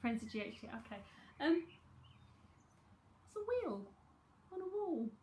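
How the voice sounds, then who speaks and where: A woman's voice: high voice, sing-song, unhurried, mellow. A woman with a London accent giving a chatty live psychic tarot reading from home, repeating herself as she talks to viewers.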